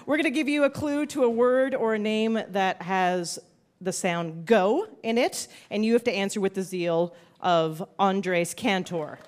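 A woman hosting a live quiz show, bubbly and quick to laugh as she reads clues and calls on players. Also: medium pitch.

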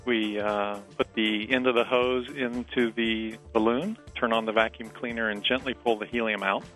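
A man from a company explaining a process plainly, pausing with fillers. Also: mid-range voice, steady tone, fairly bright tone, faint music behind. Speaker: interviewee, company representative. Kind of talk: interview clip.

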